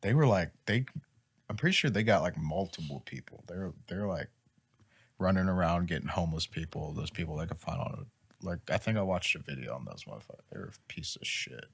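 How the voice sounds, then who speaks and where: A man's voice: low-pitched, expressive, fairly quick, vocal fry, husky. A young man in loose, profane, laughing banter on a casual podcast. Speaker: podcast co-host.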